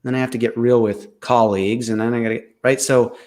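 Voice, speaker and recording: A man's voice: medium pitch, steady tone, a little fast, darkish tone. A man co-hosting a candid leadership talk, speaking emphatically and getting fired up, now and then swearing for emphasis. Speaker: leadership coach and co-host. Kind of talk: candid casual conversation.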